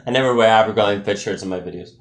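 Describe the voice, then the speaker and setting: A man's voice: fairly low pitch, fairly even intonation, very fast. A man improvising a casual story, goofy and often laughing and getting sidetracked. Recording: echoey room.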